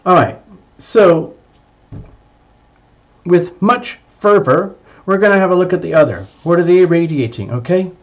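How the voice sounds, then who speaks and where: Male tarot reader, slightly high voice, emphatic and repetitive delivery, dull lo-fi recording. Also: animated, measured pace, pauses often. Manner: emphatic and repetitive, voicing the listener's thoughts. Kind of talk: monthly tarot reading.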